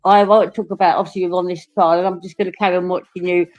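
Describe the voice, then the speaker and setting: A woman's voice: fairly low pitch, little pitch movement, fast talker, a little mellow. A woman from England with an Essex accent, chatting casually as a panel guest, laughing often and swearing freely. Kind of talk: casual livestream chat.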